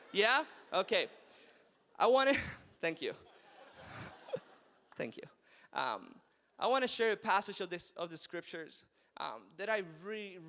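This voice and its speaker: A man in his thirties delivering a church sermon, speaking in a high voice with an animated, personal manner and frequent laughter. His words ring out with a long reverb from a large hall. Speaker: preacher.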